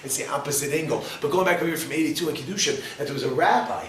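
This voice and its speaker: A man teaching a class as a rabbi, his voice sitting a bit high and full of teasing questions for the crowd. He is picked up from some distance in a roomy hall. A faint ambience hums behind him. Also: very fast, a bit bright, a little hiss or hum. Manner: joking, questions the audience directly. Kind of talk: lively class to a live audience. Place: lecture hall with audience.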